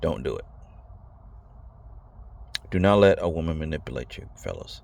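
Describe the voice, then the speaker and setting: A man's voice: rumbling low, very animated, moderate pace, vocal fry, darkish tone. A man giving a blunt, rambling casual talk to his viewers, slangy and repeating himself. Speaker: video host. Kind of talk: casual direct-to-camera talk.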